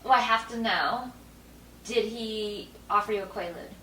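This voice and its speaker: A woman's voice: mid-range voice, measured pace, a bit bright, roomy sound, far from the mic, slight background noise, low-quality recording. A woman hosting a podcast, prompting her guest with casual questions. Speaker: podcast host. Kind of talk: casual interview.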